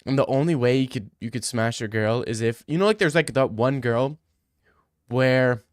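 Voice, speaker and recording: Young guy streamer roasting chat, swears a lot, smooth voice. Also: mid-range voice, normal speed, no room sound, studio quality. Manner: joking, teasing, profane. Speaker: livestreamer reading chat. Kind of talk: casual crude stream banter.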